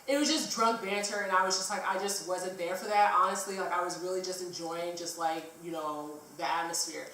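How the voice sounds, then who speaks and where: A woman's voice: lowish voice, a bit bright, a little hiss or hum. A woman vlogger telling a travel story in a rambling, casual way, with lots of fillers and some swearing. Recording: echoey room, distant mic.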